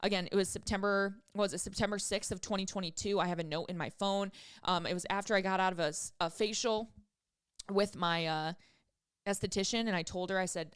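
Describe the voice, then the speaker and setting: Woman in her 30s telling her story on her podcast, smooth clear voice, swears a lot, very dry close sound. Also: medium pitch, steady tone, fast talker, no echo. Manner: candid and emphatic, swears freely. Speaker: podcast host. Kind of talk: casual storytelling.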